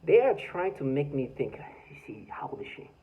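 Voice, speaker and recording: A man's voice: fairly high pitch, very animated, fairly quick, highs cut off. A man talking by his front door in an agitated, rambling vlog monologue, full of stammered restarts and bitter laughs. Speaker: vlogger.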